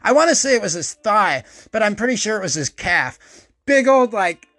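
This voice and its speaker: A man hosting a podcast, telling a childhood story in a casual, profane, animated way and loudly acting out the quotes. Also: high-pitched, moderate pace, no room sound. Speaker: podcast host.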